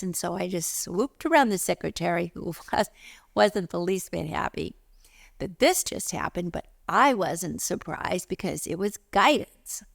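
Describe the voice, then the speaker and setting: Middle aged woman telling her life story, kinda gravelly voice, does all the voices, dry close mic. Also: on the low side, normal speed, no room sound. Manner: animated storyteller, acts out voices in quotes. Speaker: spiritual teacher and author. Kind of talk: personal storytelling monologue.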